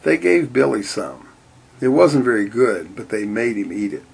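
Gravelly deadpan storyteller man. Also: mid-range voice, normal speed. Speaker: narrator. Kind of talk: storybook reading aloud.

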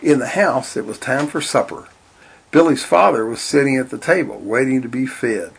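A man reading a storybook aloud in a steady, deadpan way. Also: mid-range voice, moderate pace, creaky, a little hiss or hum. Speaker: narrator.

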